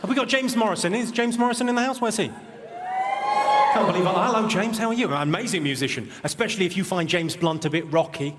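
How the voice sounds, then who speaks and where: A man with a posh southern English accent doing a stand-up set of deadpan one-liners on a large theatre stage. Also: sits high, quick pace, few pauses, heavy background noise. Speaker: stand-up comedian. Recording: live theatre, roomy, loud crowd. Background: audience laughter.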